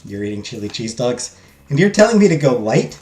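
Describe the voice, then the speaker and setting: A man's voice: mid-range voice, big pitch swings, a little fast, a little mellow. A young man joking around as he plays a story game and reads its text aloud. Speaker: gaming streamer. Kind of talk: let's play commentary. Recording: echoey room, faint music.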